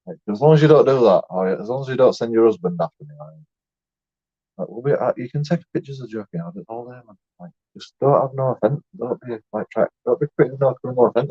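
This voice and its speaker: A man's voice: medium pitch, brisk, mellow, breathy edge, dry recording. A man, a YouTube vlogger rambling in a boastful, jokey way, swearing and laughing as he talks. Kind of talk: casual rambling monologue. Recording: dull lo-fi dry sound.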